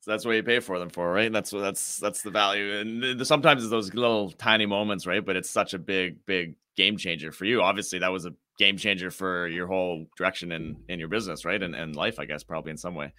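A male interviewer with a low, bright voice talks quickly, summing up a guest's point with repeated tag questions. The sound is dry and close. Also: fairly even intonation, no echo. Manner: affirming, wraps up with rhetorical questions. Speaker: podcast host. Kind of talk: casual interview.

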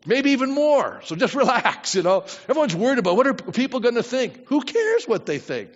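A man's voice: very high-pitched, big pitch swings, a little fast, long reverb tail, muffled recording. A man pastor preaching a sermon in a conversational way, often asking the congregation questions.

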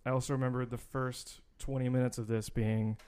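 A man's voice: medium pitch, little pitch movement, brisk, a little mellow, a little hiss or hum. A man co-hosting a casual podcast, talking loosely and rambling, with casual swearing. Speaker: podcast co-host. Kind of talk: casual film-podcast chat.

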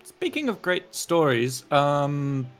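A man playing a tabletop role-playing game, talking in a halting, playful way with many restarts. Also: a little high, very animated, soft background music. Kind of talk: casual in-character banter.

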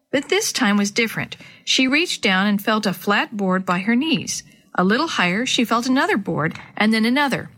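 A woman reading a children's chapter book aloud to young listeners, in a gentle and clear storybook manner. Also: fairly high pitch, animated, normal speed.

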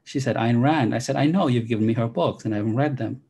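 A man's voice: mid-range voice, rapid-fire, creaky, dark tone, slightly rough. A middle-aged man from Jamaica, telling his story as an interview guest in articulate, elaborate phrasing. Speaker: interview guest, philosophy professor.

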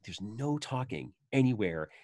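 Kuru bir odada canlı anlatan bir adam. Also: male voice, measured pace, no echo, clean studio sound. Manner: animated, acts out quoted lines with sudden high bursts. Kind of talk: casual chat about a film.

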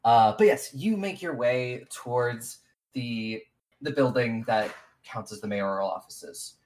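A game master narrating a tabletop game at a middling pitch. The delivery is loose and conversational, full of fillers and restarts. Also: a little slow, darkish tone. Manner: casual, rambling, many fillers.

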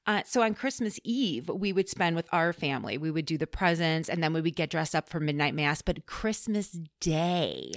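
A woman's voice: low voice, lively intonation, normal speed, hardly any pauses, no echo, clean studio sound. A middle-aged woman co-hosting a casual chat and fondly recalling family holidays.

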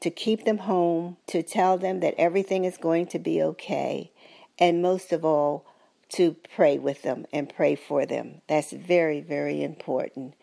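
An older woman giving earnest, gentle, faith-filled advice as the caregiver of her husband, in a personal testimony. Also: low-pitched, steady tone, a little slow, creaky.

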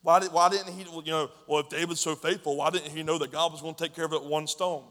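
Casual preacher in a reverberant hall. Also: male voice, a little high, fast talker. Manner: lively, casual storytelling preacher with slang. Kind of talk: sermon. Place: church hall.

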